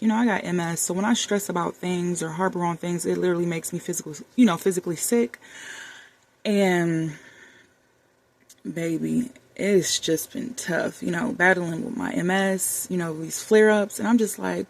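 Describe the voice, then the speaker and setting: A woman's voice: lowish voice, moderate pace, creaky. A woman in her thirties talking candidly to camera in a heartfelt, conversational way, calling her viewers y'all and baby. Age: 30s. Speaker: vlogger. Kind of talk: candid personal talk to camera. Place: warm room with the air conditioner running.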